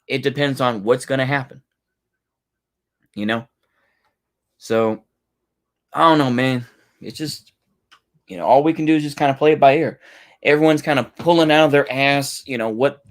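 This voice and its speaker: Man ranting, profane and incredulous. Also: medium pitch. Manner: heated, incredulous, swears a lot. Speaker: commentator reacting to a video.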